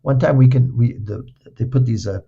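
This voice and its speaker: A man's voice: mid-range voice, moderate pace, gravelly, breathy edge, phone-quality sound. An older man recovering from a stroke tells playful anecdotes, repeating words and acting out the dialogue. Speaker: guest. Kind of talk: casual anecdotal storytelling.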